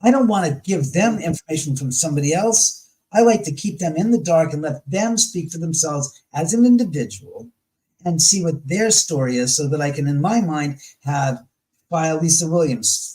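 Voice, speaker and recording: A man as an interview guest, telling stories in a rambling, animated way and often correcting himself mid-sentence. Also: fairly high pitch, moderate pace, poor audio. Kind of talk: casual storytelling interview.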